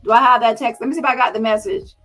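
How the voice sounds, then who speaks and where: A woman's voice: on the high side, steady tone, racing, pushed and bright, soft background music, low-quality recording. A woman hosting a commentary stream, confronting her viewers in a heated, challenging way. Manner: confrontational, addresses viewers as y'all. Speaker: commentary channel host.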